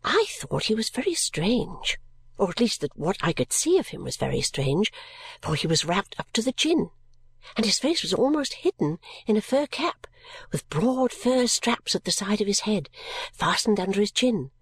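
A woman narrating a story in the first person, reading in a gentle, measured way. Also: medium pitch, big pitch swings, husky. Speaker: audiobook reader.

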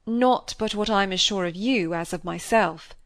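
A woman reading the part of an earnest, apologetic young gentleman in her own low, even voice. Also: normal speed, no echo, close to an everyday voice.

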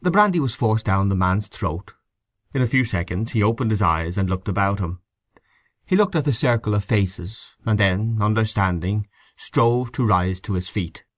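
A man giving a measured, expressive reading of a short story as its narrator. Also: on the low side, no echo, studio quality. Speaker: audiobook narrator.

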